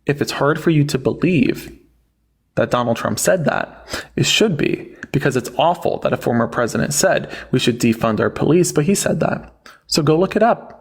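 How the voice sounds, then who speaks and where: A young man with a fairly high, husky voice hosts a live online debate, speaking expressively at a moderate pace. He's mocking and sarcastic, frequently cutting off his guests.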